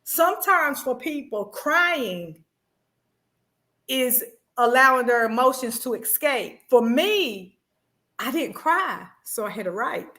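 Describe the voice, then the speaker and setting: A woman author speaking as a guest, telling personal stories in an animated, expressive way. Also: high-pitched, slow pace. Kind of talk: casual chat.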